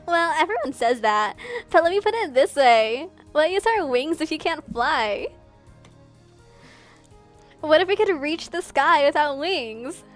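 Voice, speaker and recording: A woman's voice: sits high, animated, measured pace, soft background music, pitched above the performer's own voice. A woman voicing a bubbly, upbeat Valley Girl character in a sing-song manner while streaming a game. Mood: earnest.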